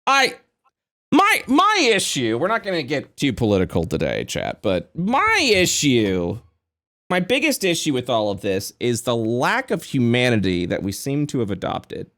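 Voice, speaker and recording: A man's voice: medium pitch, wildly swooping pitch, measured pace, pushed and bright. A man co-hosting a podcast in casual chat, rambling and swearing, with frequent stammering restarts. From Florida, US. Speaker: podcast co-host.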